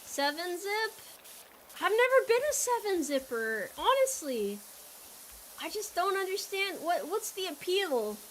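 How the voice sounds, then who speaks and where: A woman's voice: very high voice, very animated, measured pace, a little hiss or hum. A young woman streamer chatting casually with her viewers while she plays, rambling and joking and laughing often.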